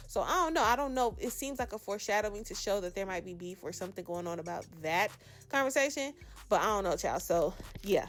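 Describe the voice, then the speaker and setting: A woman hosting a casual reality TV recap, talking sassy and slangy with dramatic asides. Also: mid-range voice. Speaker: reality show recap host.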